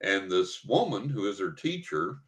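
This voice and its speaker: A man's voice: deep voice, sing-song, normal speed, fairly bright tone. An older man, a guest psychic and author, telling a rambling anecdote with chuckles in a casual podcast interview.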